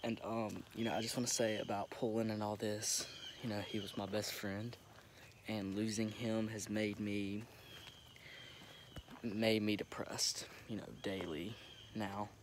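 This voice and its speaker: A young man recording himself on his phone, talking haltingly with many restarts as he holds back tears. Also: on the low side, flat delivery. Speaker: vlogger. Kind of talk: emotional direct-to-camera update. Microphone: phone camera. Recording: phone recording with noticeable background noise.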